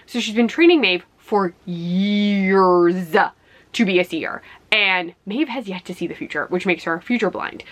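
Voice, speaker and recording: A woman's voice: mid-range voice, a bit bright. Chatty woman book vlogger. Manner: rambling, chatty, many fillers. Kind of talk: casual chat to camera. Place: home office. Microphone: camera on a ledge.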